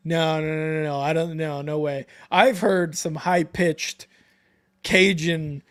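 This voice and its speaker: A man's voice: a little high, fairly even intonation, takes it slowly, clean tone. A man co-hosting a football live stream in casual chat, laughing easily and swearing offhand.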